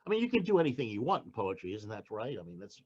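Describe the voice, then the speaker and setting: An older man, a poet being interviewed, who talks casually and haltingly, with many restarts. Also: on the low side, huge pitch swings, a little mellow, slightly rough, highs cut off. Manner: halting, with frequent restarts and fillers. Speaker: poet guest.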